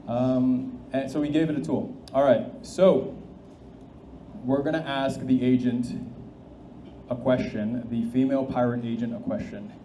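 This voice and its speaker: A man's voice: medium pitch, fairly even intonation, a little slow, dark tone. A man presenting a live demo of AI agents to an audience, talking casually, thinking aloud and restarting often. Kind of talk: live tech demo talk. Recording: echoey hall with faint noise.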